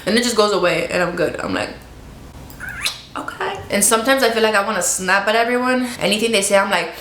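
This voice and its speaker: A woman vlogging to the camera at home, chatty and expressive, laughing often. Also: mid-range voice, fast, reverberant, a little hiss or hum. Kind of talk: casual chat to camera. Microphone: camera in front of her.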